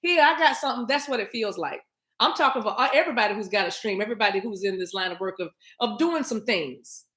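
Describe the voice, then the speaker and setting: A woman hosting a livestream, talking to her chat in an animated, emphatic, preachy way and repeating her phrases. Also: mid-range voice, fast talker. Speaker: spiritual reader and livestream host. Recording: roomy echo.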